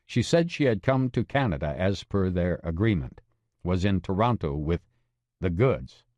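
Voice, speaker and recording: A man narrating a true-crime audiobook in a measured, expressive way. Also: low-pitched, dry recording.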